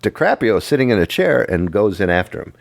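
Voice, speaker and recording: A man with a very low voice, talking casually on a movie podcast. He meanders through the story and makes fun of himself as he goes. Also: very animated, creaky. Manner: rambling, self-mocking recap with quick jokes. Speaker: podcast co-host.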